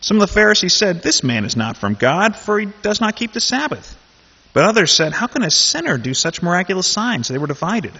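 Guy teaching bible study, chatty then lively reading, long echo, kinda muffled. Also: sits high, brisk, breathy edge. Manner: conversational, animated when reading scripture aloud. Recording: dull sound in a reverberant hall.

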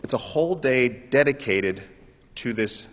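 A man preaching a sermon, shifting between explaining and loud, impassioned pleas. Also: mid-range voice, lively intonation, a little slow. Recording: dull audio in a reverberant hall.

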